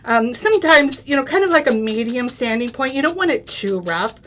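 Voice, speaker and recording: A woman's voice: a little high, lively intonation, a little fast, a bit bright, a little hiss or hum. A middle-aged woman giving a chatty, step-by-step craft demonstration on a live show, checking in with "okay?" and "right?". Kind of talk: live craft product demo.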